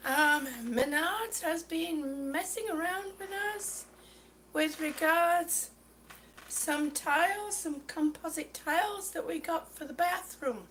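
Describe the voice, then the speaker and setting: A woman's voice: extremely high pitch, slow, fairly bright tone, a little hiss or hum. A middle-aged woman on a live stream, out of breath and exasperated, chatting and greeting viewers by name as she tells her complaint. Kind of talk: casual live stream rant.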